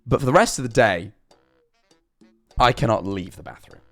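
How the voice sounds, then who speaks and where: A man's voice: medium pitch, lively intonation, normal speed, a bit bright, no room sound, soft background music. A young man streaming, telling an embarrassing story in a rambling, self-deprecating way, his throat sore. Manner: rambling, self-deprecating, frequent restarts and "all right?". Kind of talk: casual storytelling to chat.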